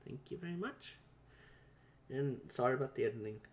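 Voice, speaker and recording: A man's voice: mid-range voice, animated, a little fast. A man hosting a let's play, giving rambling, self-deprecating commentary full of fillers. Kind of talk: casual game commentary.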